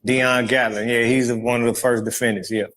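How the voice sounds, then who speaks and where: A man's voice: mid-range voice, flat delivery, moderate pace, fairly bright tone. A man guest in an interview, rambling through a story in loose street slang. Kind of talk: casual storytelling.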